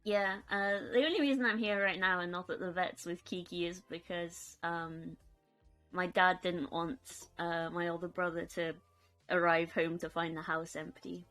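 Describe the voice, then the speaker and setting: A woman's voice: lowish voice, steady tone, normal speed, fairly bright tone, faint music behind. Giggly young woman streamer. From United Kingdom. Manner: chatty, giggly, reads chat aloud. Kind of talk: casual live-stream chat.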